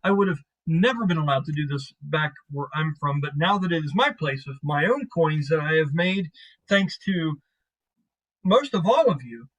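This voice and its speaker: A woman's voice: low-pitched, moderate pace, lo-fi sound. A man voicing a giddy young woman who gushes animatedly about her new wealth in a tabletop game. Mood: gushing. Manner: animated, gushing.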